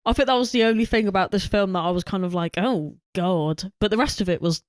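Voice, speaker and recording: A woman co-hosting a film podcast, talking in an animated way, acting out her own reactions with exclamations. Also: medium pitch, fast, no room sound, studio quality. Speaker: podcast co-host. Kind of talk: casual film discussion.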